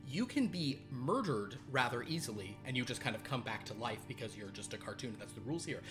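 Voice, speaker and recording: A man narrating as game master of a horror tabletop role-playing game, quick and low-key with asides. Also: pushed and bright.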